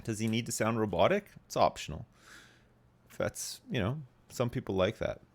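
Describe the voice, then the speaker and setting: A man's voice: lowish voice, lively intonation, normal speed, breathy edge. A man live-streaming a game, chatting casually in a joking, rambling way.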